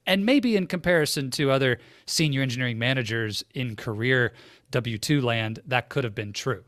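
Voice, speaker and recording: A man's voice: mid-range voice, fairly bright tone, no echo, clean studio sound. Reflective male podcast host. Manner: reflective, conversational, asks long questions. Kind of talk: podcast interview.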